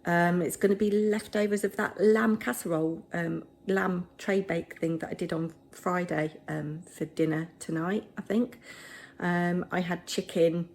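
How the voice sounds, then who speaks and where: A woman's voice: lowish voice, fairly even intonation, unhurried, gravelly, a little mellow. Chatty, rambling middle-aged woman. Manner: rambling, chatty, self-deprecating. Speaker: vlogger, drama teacher. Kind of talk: casual chatty vlog. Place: home.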